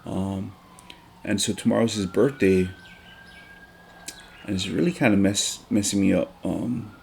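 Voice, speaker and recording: A man, talking on a casual podcast in a deep voice. His tone is gravelly and full of vocal fry. He speaks earnestly, with frequent ums and restarts. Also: a little slow, darkish tone, a little hiss or hum. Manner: earnest, emotional, with many fillers and restarts. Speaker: teacher.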